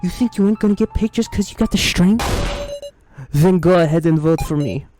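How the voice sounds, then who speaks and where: A man voicing a gruff, blunt young man in a game, with a rough slangy drawl and clipped words, over game music. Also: fairly high pitch, fairly even intonation, normal speed, voice pushed up, close to an everyday voice. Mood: stern. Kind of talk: voice acting game dialogue.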